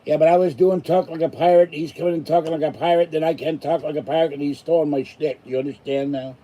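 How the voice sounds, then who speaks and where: Tired older man with a dark voice. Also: fairly high pitch, fairly even intonation, quick pace, rough recording. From Pittsburgh, USA. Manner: rambling, grumbling asides. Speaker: channel host. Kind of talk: casual live stream sign-off chat.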